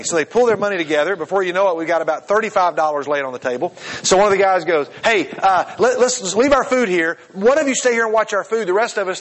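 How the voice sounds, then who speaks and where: A man's voice: sits high, rough recording. A man telling a story in a sermon, acting out the voices of the people in it and often repeating words as he goes. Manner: halting, repeats words when excited. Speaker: speaker leading a church group session.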